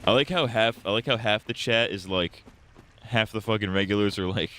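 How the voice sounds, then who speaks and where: A man with a low voice gives loose, crude commentary while he plays. He swears constantly and jokes with his chat, and the feed has a steady hiss of noise behind it. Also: normal speed. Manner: crude, joking, swearing a lot. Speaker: streamer. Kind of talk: casual gaming commentary.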